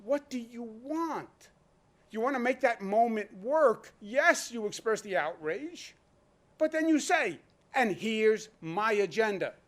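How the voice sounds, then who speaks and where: Emphatic rhetorical man, high voice. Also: lively intonation, slow. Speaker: state governor. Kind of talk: press briefing speech.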